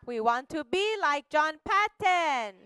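A woman teaching children at church and leading them in a gentle, slow prayer. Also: high voice, lively intonation.

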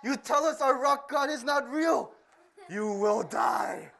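A woman's voice: on the high side, expressive, takes it slowly, creaky, a bit bright, full character voice. A woman playing a menacing male witch doctor in a children's church skit, chanting curses. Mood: ominous.

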